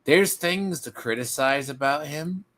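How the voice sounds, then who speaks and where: A man's voice: a little high, unhurried, fairly bright tone. A man joining a casual stream chat as a guest, hesitant and prone to trailing off.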